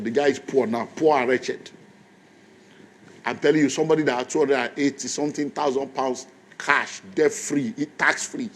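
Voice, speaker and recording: A man, a pastor telling a story in a sermon in an emphatic, conversational way. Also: mid-range voice.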